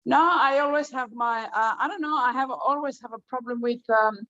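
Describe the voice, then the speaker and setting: A woman from Vanuatu with a Vanuatu accent, chatting hesitantly with many pauses on a video call. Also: fairly high pitch, fairly bright tone, no room sound. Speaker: webinar participant. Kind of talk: casual chat on a video call. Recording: muffled video call audio.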